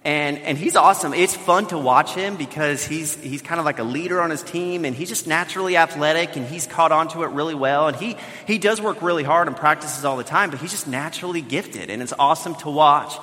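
Man, pastor, sermon storytelling, fairly high voice, long hall reverb. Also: a little fast, hardly any pauses. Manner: animated storytelling with bursts of shouting. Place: church sanctuary.

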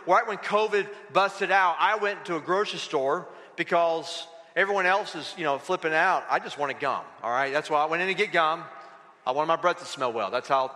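A male pastor preaching a sermon in a church, animated and acting out little dialogues with the crowd. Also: sits high, big-room sound. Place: church sanctuary.

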